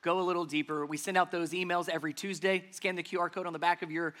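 A man delivers a church sermon in a high, bright, forceful voice. He stresses his points by repeating key phrases and building them up. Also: little pitch movement, fast. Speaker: pastor.

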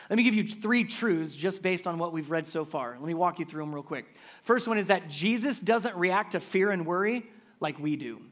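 A man preaching a sermon as pastor, earnest and building up to loud, emphatic passages. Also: high voice, lively intonation, normal speed.

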